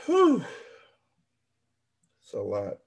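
A man hosting a book club podcast, reacting to the story with animated exclamations and drawn-out remarks. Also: mid-range voice, gravelly, husky. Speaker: podcast host.

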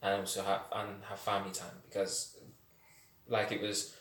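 A man telling stories in a casual podcast chat, animated and quick to laugh. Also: low voice. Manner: animated, laughs often, slangy storytelling. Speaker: podcast guest. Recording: echoey room.

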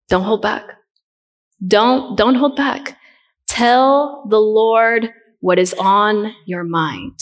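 A middle-aged woman preaching a sermon in an earnest way, asking the listeners questions and repeating her key points. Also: mid-range voice.

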